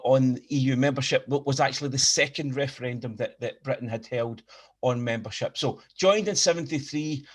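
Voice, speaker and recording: Glaswegian man giving a lecture. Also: mid-range voice. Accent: Glaswegian Scottish. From Scotland. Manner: repeats words and restarts often while explaining. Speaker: guest lecturer. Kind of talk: academic lecture.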